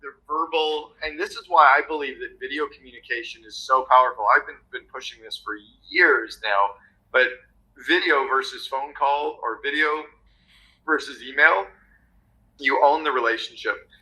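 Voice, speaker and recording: Man, podcast guest, very bright voice, confident, tells anecdotes. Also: mid-range voice, normal speed, poor audio. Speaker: guest author on meetings. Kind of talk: podcast conversation.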